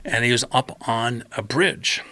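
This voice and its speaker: A man with a gravelly, creaky edge and a bright, forceful tone tells a personal story as a podcast guest. He talks in an animated, rambling way, jumps into tangents and acts out what he said back then. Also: mid-range voice, a little slow, no echo. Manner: acts out his own quoted remarks, tangential and repetitive.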